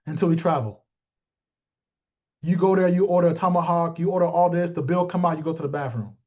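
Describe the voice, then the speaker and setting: Animated high-voiced man rallying his team. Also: a little fast, lo-fi sound. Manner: animated, streetwise, addresses audience by name. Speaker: team leader. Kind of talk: motivational team talk.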